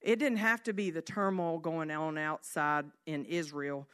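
A woman giving a devotional teaching in an earnest way, reading scripture slowly and at times dropping to a soft hush. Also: low-pitched, steady tone, clear, resonant tone. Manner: earnest, slows down to read scripture. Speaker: speaker.

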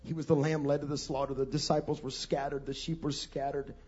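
A male preacher giving a sermon, swinging from hushed passages to loud, fervent ones. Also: on the high side, little pitch movement, a little fast, breathy edge, dull audio.

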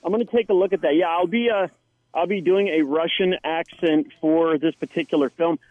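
A man's voice: fairly high pitch, steady tone, brisk, no room sound. A man, an actor guest, talking casually and telling a chatty story with many restarts. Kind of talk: casual interview anecdote. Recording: tinny phone line, dry.

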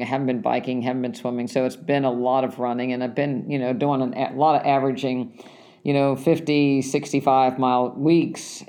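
A man with a gravelly, creaky voice at a middle pitch tells a casual story. He rambles and halts, often backing up to restart his sentences. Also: darkish tone. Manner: rambling, halting, with frequent restarts. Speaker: runner recounting a race.

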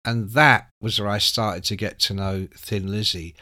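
A man's voice: fairly low pitch, measured pace. A man in his sixties telling a long anecdote as an interview guest, acting out quotes with lots of swearing. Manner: animated anecdotal storyteller, acts out quotes, sweary. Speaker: music writer guest. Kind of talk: casual storytelling.

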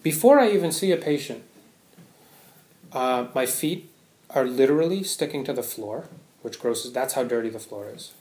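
A man's voice: mid-range voice, animated, normal speed, darkish tone, roomy sound. A man giving a Buddhist Dharma talk to a live audience, conversational, often checking in with "right?". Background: audience laughter.

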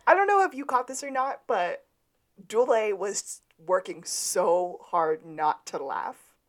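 A woman's voice: mid-range voice, animated, takes it slowly. A woman co-hosting a podcast, casually recapping a TV episode from her notes and laughing along. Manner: retells scenes from notes, laughing often. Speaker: podcast co-host.

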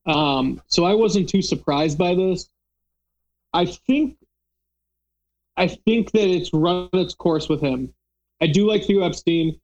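A man's voice: high voice, takes it slowly, long pauses, a little mellow, dull audio. A man hosting a casual podcast, chatting loosely with lots of fillers and restarts. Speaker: podcast host. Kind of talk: casual chat.

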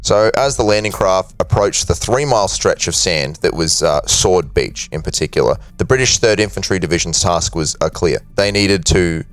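A man's voice: deep voice, normal speed, hardly any pauses. A man hosting a podcast, telling a history story in a casual way with frequent fillers. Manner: steady narration with frequent uh fillers. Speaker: podcast host.

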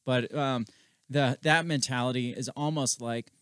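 A man's voice: medium pitch, steady tone, a little slow, fairly bright tone, clean tone, dry recording, studio quality. A man co-hosting a podcast in casual chat, talking with a wry, sarcastic edge. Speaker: podcast co-host.

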